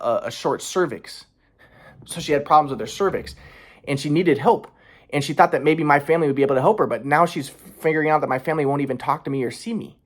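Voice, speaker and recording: A man's voice: mid-range voice, fast, a bit bright. Aggrieved man rambling and swearing. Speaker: vlogger. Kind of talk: casual personal monologue.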